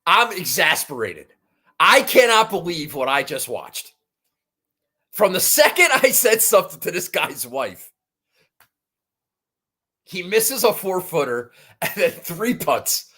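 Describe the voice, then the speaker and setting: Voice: medium pitch, takes it slowly, long pauses, slightly rough. Exasperated swearing golf podcast host. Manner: animated, frequent restarts and rising outbursts. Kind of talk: casual golf betting recap.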